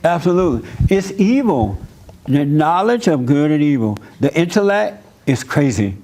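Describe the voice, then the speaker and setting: A man's voice: on the high side, big pitch swings, normal speed, darkish tone. A man pastor giving a conversational church sermon, speaking emphatically and laughing between points.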